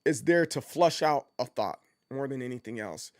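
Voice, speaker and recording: A man chatting casually on his livestream, rambling with frequent restarts and jumping into high mock voices as he tells stories. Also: lively intonation, moderate pace, no room sound, clean studio sound. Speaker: streamer.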